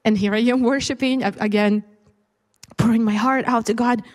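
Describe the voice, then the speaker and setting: A woman's voice: on the high side, steady tone, normal speed, big-room sound. A woman preacher and mother giving a candid, conversational testimony in a sermon, with many fillers and restarts. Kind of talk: personal testimony within a sermon. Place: church service.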